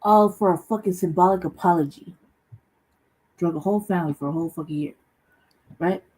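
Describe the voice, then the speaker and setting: A woman's voice: fairly low pitch, a little fast, darkish tone, slight background noise, rough recording. A woman hosting a casual commentary vlog, ranting bluntly and profanely and laughing at what she has just played. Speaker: host.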